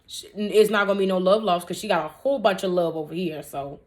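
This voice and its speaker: A woman's voice: lowish voice, fast. A woman in her twenties, a vlogger answering viewer questions in a casual storytime Q&A, candid and emphatic, with blunt talk and joking asides. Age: 20s.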